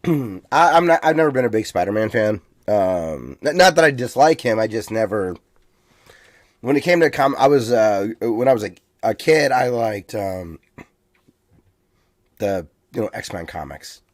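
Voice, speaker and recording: A man co-hosting a podcast in casual chat, hesitant and halting, often restarting his sentences. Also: lowish voice, expressive, no room sound, studio quality. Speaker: podcast co-host.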